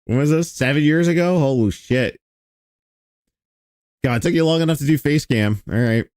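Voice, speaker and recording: A man's voice: a little high, moderate pace, darkish tone, no echo, clean studio sound. A man streaming, reacting to an old video in a casual, sarcastic and profane way.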